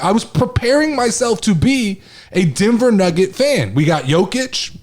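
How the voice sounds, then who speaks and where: A man co-hosting a casual sports podcast, telling stories in an excitable way and swearing now and then. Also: sits high, moderate pace. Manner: excitable, animated storytelling with swearing. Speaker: podcast co-host.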